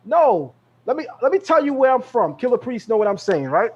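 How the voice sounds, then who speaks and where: A high-voiced man holds the floor on a live podcast and hammers his points home through repetition. His tone is confrontational and insistent. The call audio sounds dull and lo-fi. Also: big pitch swings, a little fast, darkish tone, husky. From Brooklyn, New York. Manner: emphatic, repeats phrases, confrontational. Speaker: guest speaker. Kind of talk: heated live podcast talk.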